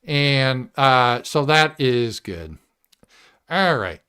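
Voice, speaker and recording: A man hosting a live political commentary show, talking casually and animatedly, swearing and mimicking voices in a shrill tone. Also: expressive, extremely slow, sharp tone, clear, resonant tone. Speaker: show host.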